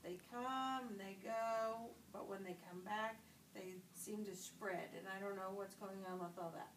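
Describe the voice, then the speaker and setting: A woman's voice: mid-range voice, steady tone, a little slow, a little hiss or hum, close to an everyday voice. A woman playing a patient in a nursing demonstration, answering hesitantly with fillers. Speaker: role-played patient. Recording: echoey room, far from the mic.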